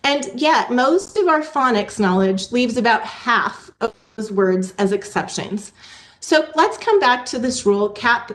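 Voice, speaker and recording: A woman giving a presentation to a virtual meeting, teaching reading skills in a clear, teacherly way and sounding out letters slowly. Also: on the high side, animated, a little hiss or hum. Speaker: literacy presenter. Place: online meeting.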